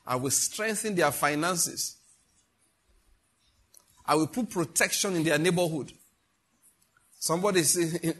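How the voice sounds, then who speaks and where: A man preaching a prayer sermon, slowing down to recite scripture and rising to loud, high exhortation. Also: slightly rough. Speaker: pastor. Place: church service, streamed.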